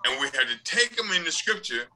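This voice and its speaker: A man's voice: on the high side, big pitch swings, fairly quick, sharp tone, poor audio. A man leading a church Bible study discussion, playing a doubtful convert to make his point.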